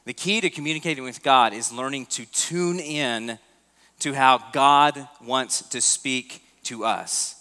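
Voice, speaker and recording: A man's voice: medium pitch, unhurried, bright, forceful tone, smooth. A pastor giving a sermon, talking in a casual way and putting questions to his congregation. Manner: conversational preaching, asks the congregation questions. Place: church auditorium. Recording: long hall reverb.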